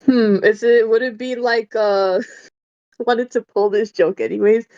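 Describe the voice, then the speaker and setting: A podcast co-host chatting casually, reacting playfully and cracking jokes. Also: female voice, a little high, steady tone, measured pace, mellow, muffled recording. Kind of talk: casual chat.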